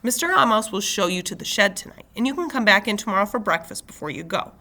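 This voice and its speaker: A stern foster mother with formal, lofty speech and a bright, clear tone, read aloud by a woman. She scolds with clipped, proper sentences. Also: mid-range voice, expressive, fast talker. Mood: scolding.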